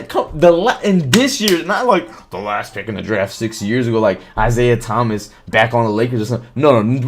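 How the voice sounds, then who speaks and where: A man hosting a live stream, talking casually about football, swearing freely and reacting to chat comments, with faint music behind him. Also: medium pitch. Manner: animated, swears, reads chat comments aloud.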